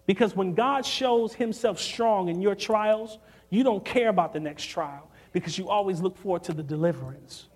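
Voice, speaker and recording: Animated high-voiced male preacher. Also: normal speed, slightly rough. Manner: animated, acts out quotes, swings from loud to hushed. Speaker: youth preacher. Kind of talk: storytelling sermon.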